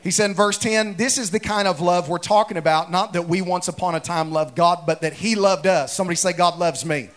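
A man's voice: high voice, a little fast, few pauses. A man preaching a sermon in a church, calling on the congregation to repeat phrases back to him. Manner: energetic call-and-response preaching. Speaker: pastor. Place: church sanctuary.

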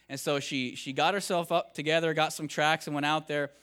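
A man's voice: a little high, fairly quick, few pauses, fairly bright tone, clean tone. A man preaching a sermon, earnest and building to emphatic declarations.

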